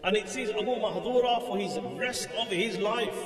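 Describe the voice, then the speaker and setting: A man's voice: high voice, moderate pace, far from the mic. Man lecturing in an echoey hall. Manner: tells the story vividly, chants the call to prayer melodically. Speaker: mufti giving a mosque lecture. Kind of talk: storytelling religious lecture. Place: mosque prayer hall.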